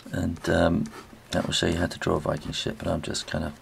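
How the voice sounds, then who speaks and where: A low-voiced British man with a gravelly edge talks through a drawing lesson in a loose, chatty way, trailing off mid-phrase as he works. He sounds middle-aged, and a faint hiss sits under the recording. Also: completely flat delivery, brisk. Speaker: illustrator teaching drawing. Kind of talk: relaxed spoken drawing tutorial.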